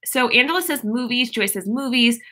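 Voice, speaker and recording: Young woman, chatty live-stream host, bright voice, fairly high, giggly, filler-heavy, home webcam. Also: expressive, normal speed. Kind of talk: casual live-stream chat reading viewer comments.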